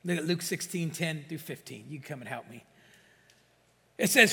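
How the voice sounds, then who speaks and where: Raspy high-voiced preacher in a reverberant hall. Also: male voice, normal speed, long pauses, pushed and bright. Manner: emphatic, calls for amens and acts out doubters' excuses. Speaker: pastor. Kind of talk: preaching a sermon. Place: church sanctuary.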